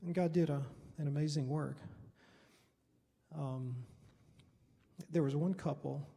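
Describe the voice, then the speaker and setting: Man, pastor, conversational storytelling, mellow gravelly voice, middle-aged. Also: a little high, steady tone, slow. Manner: conversational, rambling, with chuckles. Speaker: Baptist pastor and missionary. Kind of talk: storytelling talk at a Bible study. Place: church hall. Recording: reverberant hall.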